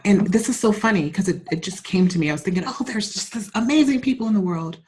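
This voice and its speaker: A woman's voice: medium pitch, quick pace, hardly any pauses. A woman guest in a casual interview, telling personal stories with frequent laughs and open emotion. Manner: warm, laughing, openly emotional storyteller.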